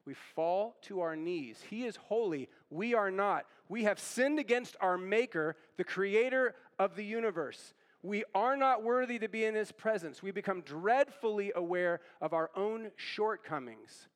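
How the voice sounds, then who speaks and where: A man's voice: sits high, normal speed, few pauses. A man pastor preaching a sermon with earnest emphasis and repeated phrases.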